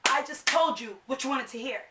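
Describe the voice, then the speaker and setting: A young woman from New Jersey ranting in a casual vlog, animated and exasperated, acting out other people's questions. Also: high-pitched, brisk, recorded from a distance, heavy background noise. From New Jersey, USA. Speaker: vlogger. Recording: echoey room, voice a little off-mic.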